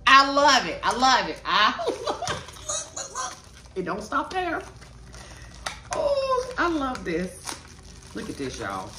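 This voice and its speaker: A chatty woman talks casually to her viewers while she opens packages. Her pitch swings widely and she takes her time. She sounds a little far from the mic, in an echoey room with noise behind her. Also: a bit bright. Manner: chatty, addresses viewers as y'all and child. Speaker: vlogger. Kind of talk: casual chat while unboxing.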